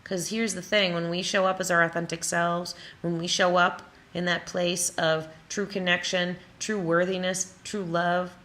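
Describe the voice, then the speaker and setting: A woman from Wisconsin with a bright, forceful tone sitting a little low in pitch. She speaks as a motivational coach and builds her points in emphatic runs of repeated phrases. She drops in playful, silly asides along the way. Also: creaky, slight background noise. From Wisconsin, USA. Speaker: creative coach. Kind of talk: motivational talk to camera.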